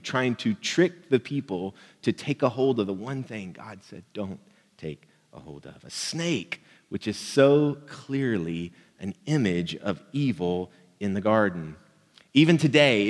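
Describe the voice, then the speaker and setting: A man's voice: on the low side, in a large hall. A man preaching a sermon as a pastor, in an easygoing, conversational way with light jokes.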